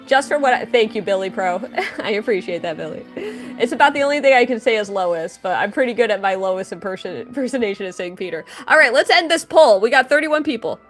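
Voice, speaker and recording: A woman's voice: a little high, animated, a little fast, faint music behind. A woman chatting casually on a livestream, greeting viewers by name while she draws. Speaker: livestreaming artist.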